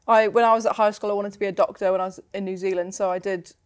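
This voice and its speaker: A woman's voice: medium pitch, steady tone, very fast, smooth. A young English woman with a mostly neutral accent and a faint Midlands twang, a rugby player chatting casually as a guest, with lots of fillers and laughter. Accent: neutral English with a slight Midlands twang. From England. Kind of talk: casual chat.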